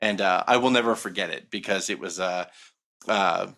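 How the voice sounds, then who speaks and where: A man's voice: low voice, normal speed, vocal fry, bright, forceful tone. A man co-hosting a podcast and telling a casual, profane, joking story. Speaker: podcast co-host.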